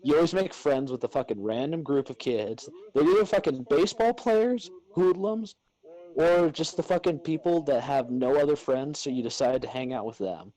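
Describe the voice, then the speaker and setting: Young male podcast co-host, mellow tone, profane, playful storyteller. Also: medium pitch, a little fast, hardly any pauses, rough recording. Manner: swears a lot, acts out pets in silly voices. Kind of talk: casual chat.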